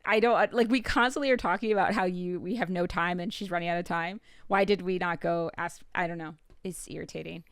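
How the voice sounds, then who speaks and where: A woman's voice: fairly low pitch, fairly even intonation, fairly quick, few pauses, dry recording, studio quality. A woman co-hosting a podcast in casual chat, rambling and hedging with many filler "like"s. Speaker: podcast co-host. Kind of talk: casual chat recapping a show.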